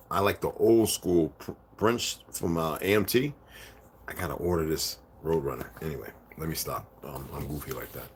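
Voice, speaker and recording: A man's voice: low voice, slightly rough. A man reading from books aloud and breaking off into rambling casual asides to his listeners. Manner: rambling asides between read passages. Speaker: channel host reading aloud.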